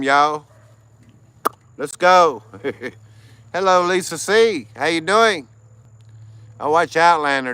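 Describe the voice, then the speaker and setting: Tired american guy on a livestream, slow talker, dry close sound, laughs a lot with his chat. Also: fairly high pitch, bright, forceful tone, clean tone, no echo. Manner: greets chat viewers by name, laughs often. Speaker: livestream host.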